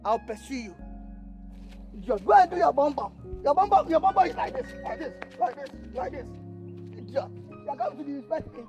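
A young actor with a Nigerian accent playing a brash, loud, teasing suitor who laughs and mocks. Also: male voice, very high voice, very animated, normal speed, music in the background. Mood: mocking loud. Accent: Nigerian English. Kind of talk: film acting.

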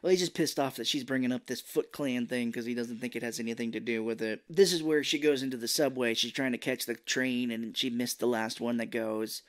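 A man's voice: medium pitch, a little fast, few pauses. A man co-hosting a podcast, casually recapping a movie and slipping into silly voices. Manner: animated, slips into silly put-on voices. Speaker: podcast co-host.

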